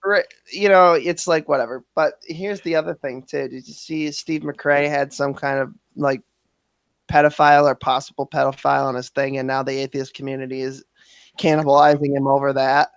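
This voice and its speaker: A man's voice: medium pitch, fairly even intonation, normal speed, clear, resonant tone, no echo. A man hosting a stream in laid-back, profane casual chat, joking crudely with his guest. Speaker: streamer host.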